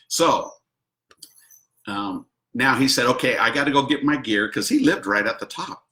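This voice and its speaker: A man's voice: medium pitch, measured pace, pushed and bright, reverberant. A man hosting a video, telling a personal story casually and animatedly, acting out quotes and laughing often. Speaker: host.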